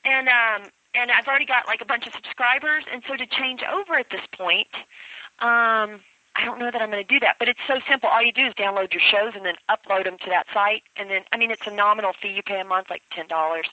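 A bright, forceful-sounding woman with a Southern accent chats as a radio guest, rambling and filling her talk with "you know". Her voice sits a bit high, and it comes through a dry, slightly dull phone line. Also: quick pace, dry recording. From Memphis, USA. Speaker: radio show host and matchmaker, guest. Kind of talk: casual radio interview.

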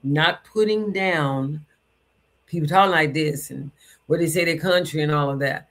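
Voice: medium pitch, normal speed, fairly bright tone. Emphatic speaker in a loose spiritual talk. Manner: emphatic, stretches words for stress; conversational, loose, with asides. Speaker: spiritual teacher.

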